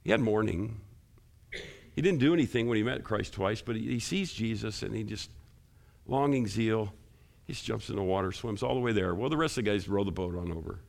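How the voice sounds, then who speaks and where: A man preaching a sermon in a low, gravelly voice. He asks the congregation questions as he goes. His voice climbs high and loud when he drives a point home. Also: fairly quick. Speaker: pastor.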